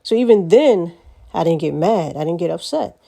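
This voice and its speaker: A woman's voice: on the low side, lively intonation, normal speed, gravelly, warm tone. A woman vlogger telling stories in a casual monologue, blunt and profane, laughing often.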